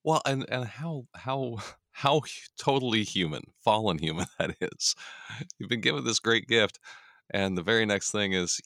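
A young adult male pastor in casual Bible study talk, animated, often acting out quoted voices with a laugh, recorded on a studio mic. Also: fairly low pitch, moderate pace, vocal fry, dry recording. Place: radio studio.

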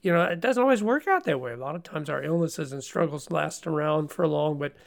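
A man's voice: on the high side, lively intonation, a little fast, creaky. A middle-aged man hosting a conversational Bible discussion, earnest and folksy, often repeating words as he starts a thought. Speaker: Bible study host.

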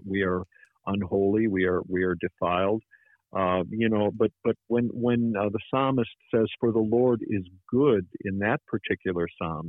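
A man, a pastor, speaking haltingly with many restarts in a radio Bible study conversation. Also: lowish voice, no echo. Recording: dry, tinny phone line.

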